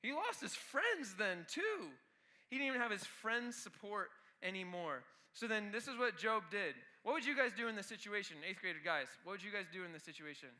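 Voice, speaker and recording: A man's voice: high-pitched, expressive, brisk, bright, forceful tone. A man preaching a youth sermon with energy, talking straight to the students. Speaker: youth pastor.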